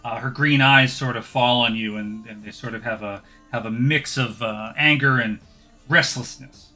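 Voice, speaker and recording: A man's voice: mid-range voice, normal speed, sharp tone, soft background music. A man narrating as game master for a tabletop game, descriptive and hesitant with many fillers.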